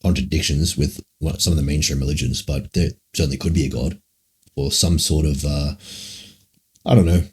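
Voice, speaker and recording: Dude with a super low husky voice rambling thru chat questions on stream, swears a lot. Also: male voice, steady tone, normal speed, darkish tone. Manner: rambling, musing, frequent swearing. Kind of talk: casual livestream Q&A.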